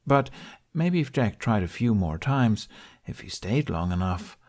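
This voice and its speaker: A man narrates fan fiction in a steady, measured storytelling voice. His tone sits on the low side. It suits an audiobook reading. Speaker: podfic reader.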